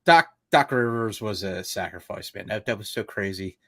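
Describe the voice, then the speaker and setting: A man's voice: fairly low pitch, moderate pace, pushed and bright, dry recording, clean studio sound. A man co-hosting a casual sports podcast, ranting in a frustrated, profane, rambling way. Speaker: podcast co-host.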